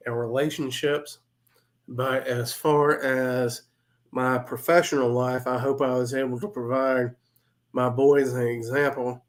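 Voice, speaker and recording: A man in his forties, a retired army first sergeant, speaking candidly and plainly as an interview guest, often pausing and restarting. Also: medium pitch, a bit bright. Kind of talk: casual interview talk.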